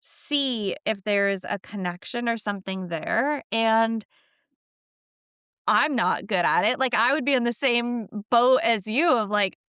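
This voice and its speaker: A woman's voice: a little high, unhurried, a bit bright, clean tone, no room sound, studio quality. A woman co-hosting a podcast, talking reflectively in casual chat with many "like"s. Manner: reflective, filler-heavy, lots of "like". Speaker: podcast co-host.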